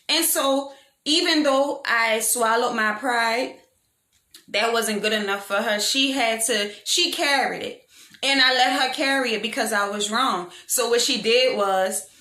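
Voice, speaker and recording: A young woman telling a storytime vlog in a frank, animated, slangy way, poking fun at herself. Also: fairly high pitch. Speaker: vlogger. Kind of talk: casual storytime monologue. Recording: echoey room.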